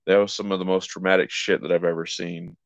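A man's voice: deep voice, level tone, quick pace, vocal fry, no room sound. A man co-hosting a casual podcast, laid-back and blunt, swearing casually. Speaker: podcast co-host. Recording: slightly dull, lo-fi sound.

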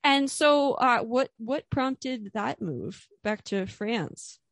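A woman's voice: a little high, expressive, slow pace, vocal fry, no room sound, clean studio sound. A young woman hosting an interview podcast, chatty and given to laughing. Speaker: podcast host. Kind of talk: casual interview.

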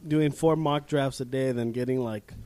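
A man's voice: mid-range voice, steady tone, normal speed, warm tone, clear, resonant tone, dry recording. A man hosting a podcast in casual, joking banter, full of profanity. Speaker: podcast host.

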